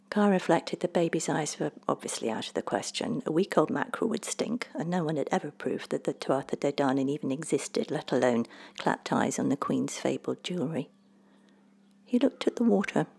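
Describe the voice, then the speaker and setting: Woman, storybook narrator, husky voice, low pitch, lively reading. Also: brisk, faint music behind.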